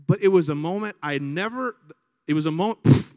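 A man from Alabama with a Southern American accent, a priest preaching a sermon and telling stories with lively crowd imitations. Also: high voice, a little fast, long reverb tail. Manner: animated storyteller, imitates crowds. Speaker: priest, vocation director. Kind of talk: sermon with storytelling.

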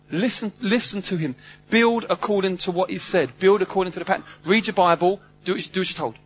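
Animated preacher, high voice. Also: male voice, muffled recording. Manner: animated, humorous, swings between loud and hushed. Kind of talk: sermon.

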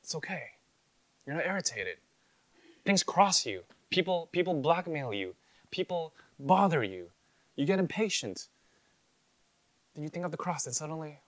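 A man's voice: fairly high pitch, lively intonation, unhurried, pauses often, fairly bright tone, no echo. A man preaching an expository sermon, emphatic, often repeating phrases and asking rhetorical questions.

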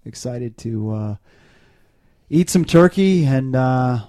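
A young man hosts a casual podcast with a mellow, dark-toned voice. He reads news items and chats in a relaxed, halting way, full of fillers. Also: mid-range voice. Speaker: podcast host.

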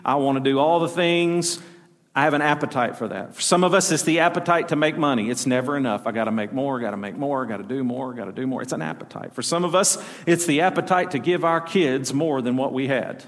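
A man's voice: mid-range voice, a little fast. A middle-aged man with a Southern US accent, preaching a sermon with folksy stories and call-and-response to his congregation. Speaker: pastor. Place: church sanctuary. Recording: long reverb of a church hall.

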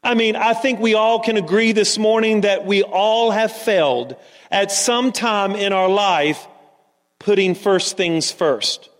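A man's voice: sits high, takes it slowly, long reverb tail. A man preaching a sermon, telling a story and then asking the congregation earnest rhetorical questions. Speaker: pastor.

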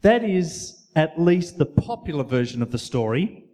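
A man preaching a sermon in a church, earnest and measured, with occasional fillers. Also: fairly high pitch, big pitch swings, dark tone. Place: church hall.

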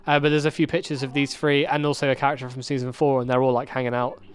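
A man co-hosting a casual podcast, chatting quickly with frequent restarts and laughs. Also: medium pitch, level tone. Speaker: podcast co-host. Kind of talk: casual chat watching a show.

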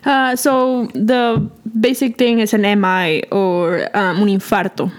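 A woman's voice: medium pitch, fairly even intonation, measured pace. A woman co-hosting a casual medical Spanish lesson, explaining terms patiently and laughing easily. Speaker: co-host teaching medical Spanish. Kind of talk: casual teaching chat.

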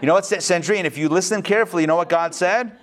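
A man, a rabbi, teaching a text study class in a playful, animated way full of rhetorical questions and jokes. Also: sits high, racing. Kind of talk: joking, interactive text study lecture.

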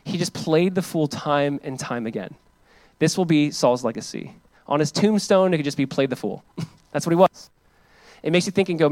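A male pastor preaching a sermon, reading scripture aloud loudly and then explaining it in casual talk, acting out the biblical figures in quick, lively voices. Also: a little high, dry recording, poor audio.

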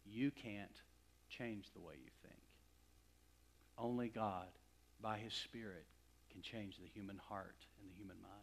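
Middle-aged guy from west texas giving a sermon, gets loud then goes real quiet. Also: fairly low pitch, fairly even intonation, a little slow, pauses often. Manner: dramatic swings from loud emphasis to hushed near-whispers. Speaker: pastor.

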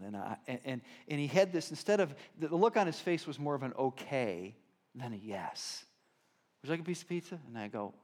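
A man preaching a sermon in a conversational storytelling manner, swinging between loud emphatic lines and quiet asides. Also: medium pitch. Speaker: pastor.

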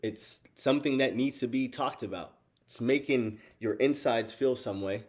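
A man in casual chat with his viewers, animated and profane, laughing often and calling them y'all. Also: medium pitch, moderate pace. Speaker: streamer talking to chat.

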